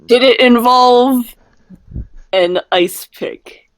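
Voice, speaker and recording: A woman's voice: on the high side, extremely slow. A woman playing in a tabletop game, making wry, joking remarks. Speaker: player. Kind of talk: casual tabletop game play.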